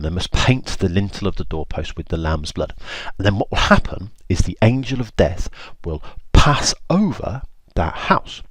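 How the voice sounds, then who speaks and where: A man teaching a video lesson, retelling a story in an animated, chatty way with frequent ums. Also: deep voice, dry recording.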